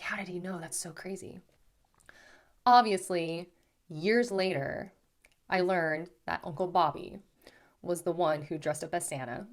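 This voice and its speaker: Woman telling a story to her viewers, lowish voice, super chatty, lots of "like" and "okay". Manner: chatty, animated, peppers talk with "like" and "okay". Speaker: spiritual channeler and host. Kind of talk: casual storytelling to camera.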